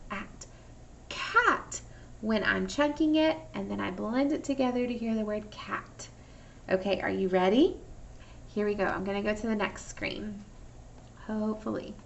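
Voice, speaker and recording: Slow, gravelly-voiced woman teaching children. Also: a little high, distant mic, a little hiss or hum. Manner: cheerful, slow and clearly articulated, sing-song teacher talk. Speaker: first grade teacher. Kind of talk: remote phonics lesson for children. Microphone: laptop or webcam microphone. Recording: lo-fi recording from off-mic.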